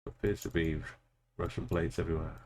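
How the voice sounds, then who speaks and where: Low gravelly-voiced male streamer. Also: little pitch movement, a little fast, a little mellow, slight background noise. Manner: thinks aloud, greets chat viewers. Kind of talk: casual live gameplay commentary.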